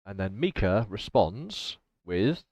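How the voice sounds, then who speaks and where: A man's voice: on the low side, very animated, slow, darkish tone, no room sound. A man running a tabletop game as game master, thinking aloud and laughing often as he checks the rules.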